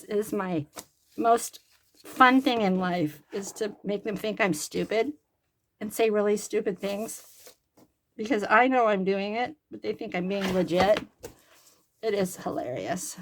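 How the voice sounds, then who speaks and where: A woman's voice: mid-range voice, moderate pace. An older woman and grandmother chatting casually and rambling while she sews a craft at home, joking about herself. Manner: chatty, rambling, jokes at her own expense. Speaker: crafting vlogger. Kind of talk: casual chat while sewing.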